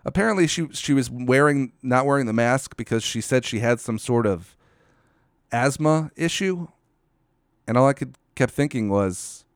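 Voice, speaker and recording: A man's voice: mid-range voice, animated, normal speed, clear, resonant tone, no room sound, clean studio sound. A man giving a solo commentary rant, profane, sardonic and incredulous.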